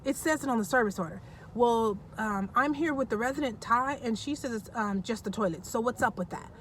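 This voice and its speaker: A woman's voice: a little high, brisk, fairly bright tone, a little hiss or hum, close to an everyday voice, poor audio. A woman voicing a sly male plumber who talks to his wife on the phone with cheesy politeness. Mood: mock-polite. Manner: cheesy, mock-friendly phone greeting. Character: middle-aged male plumber, sly and defensive.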